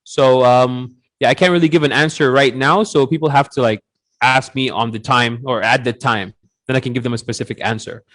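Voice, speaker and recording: A man's voice: medium pitch, fairly quick. Male teacher guest, casual and playful, plenty of ums and restarts, middle voice. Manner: relaxed, jokey, mixes in Arabic phrases; lots of fillers and restarts, playful put-on voices. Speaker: IELTS teacher, interview guest. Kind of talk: casual interview on a live stream.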